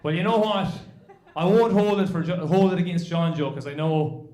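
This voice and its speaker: An Irish man doing stand-up comedy, his voice sitting fairly high as he tells a rambling, swear-laced family tale. His voice bounces around an echoey club room. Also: normal speed, a little mellow. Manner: swearing, self-deprecating anecdotes. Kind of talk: stand-up storytelling.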